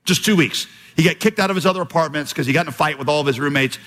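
A man's voice: fairly high pitch, racing, fairly bright tone. A man preaching a sermon as pastor, telling stories with quoted voices and emphatic turns. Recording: long hall reverb, slightly husky.

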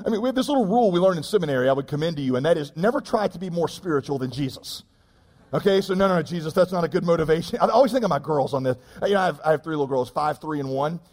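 A man, preaching a sermon in an animated, joking, self-deprecating way. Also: on the high side, rapid-fire, long reverb tail. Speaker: pastor.

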